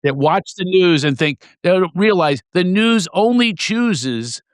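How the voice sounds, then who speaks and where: A middle-aged man in a podcast chat, his voice rising and falling in lively swings as he spins stories and acts out the people in them. He sits a little high for a man and laughs easily. The close studio mic sounds dry, with no room around him. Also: a little slow, clean tone, dry recording. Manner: animated storyteller who acts out quotes and laughs often. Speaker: comedian and guest. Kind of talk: animated podcast conversation.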